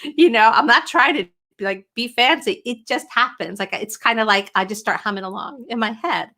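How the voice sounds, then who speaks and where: A middle-aged woman hosting a casual livestream from home as a writing coach, talking in a chatty, animated way and answering viewer questions. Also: on the high side, moderate pace. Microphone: webcam or computer mic at home.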